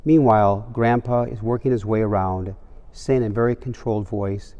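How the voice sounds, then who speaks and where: A man giving a genial Sunday homily as a priest, telling a story in a calm, measured way. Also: fairly low pitch. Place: large cathedral. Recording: long cathedral reverb.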